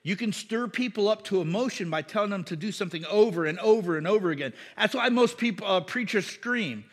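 Guy preaching casually in a church, kinda high voice, long hall reverb, lots of ums. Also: lively intonation, fairly quick, breathy edge. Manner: conversational preaching with fillers and repetition. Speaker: pastor. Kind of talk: sermon.

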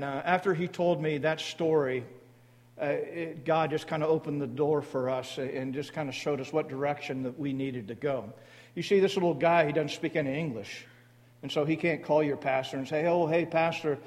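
A man speaking to a church congregation about his mission board, halting often with fillers and restarts. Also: on the high side, a little mellow. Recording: long hall reverb.

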